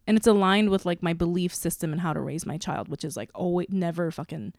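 A woman's voice: fairly low pitch, fast talker, vocal fry, a little mellow, no room sound. A woman co-hosting a casual podcast chat, talking animatedly, swearing freely and acting out the people she quotes. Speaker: podcast co-host.

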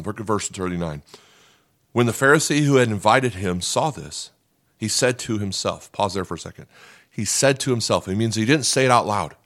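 A male pastor preaching a conversational sermon, asking rhetorical questions and voicing the people in the story. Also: lowish voice.

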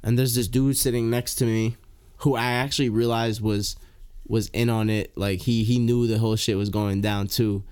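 A man's voice: medium pitch, normal speed, smooth. Slangy young man telling a story. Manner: animated, slangy, swears freely, lots of fillers. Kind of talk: casual storytelling.

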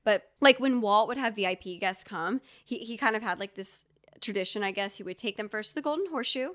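Brisk and fairly bright, her mid-range voice carries a casual podcast conversation. The co-host, from Georgia, US, tells stories with lots of fillers and asides.

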